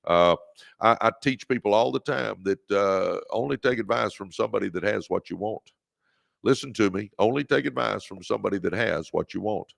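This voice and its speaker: A man's voice: lowish voice, normal speed, gravelly, a bit bright, dry recording, studio quality. A man from Texas hosting a livestream, giving a preachy motivational talk that repeats phrases, calls listeners baby and greets viewers by name. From Texas, United States. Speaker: livestream host and motivational speaker.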